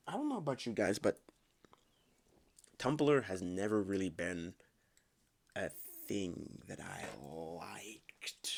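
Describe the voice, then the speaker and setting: A man's voice: deep voice, creaky, a little mellow. A man reading online stories aloud in a casual way, stumbling over words and breaking off to comment on his own reading.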